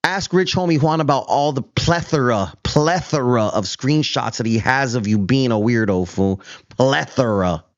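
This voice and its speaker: A man's voice: medium pitch, moderate pace, few pauses, dry recording, dull audio. A host on a confrontational callout rant, taunting his target and calling him fool again and again. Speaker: show host.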